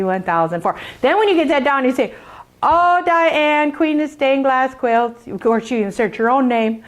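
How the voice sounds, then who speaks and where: A woman with a high, bright-sounding voice walks viewers through making her quilt pattern in a chatty, hands-on demonstration. She is sassy and joking throughout and playfully boasts about her own designs.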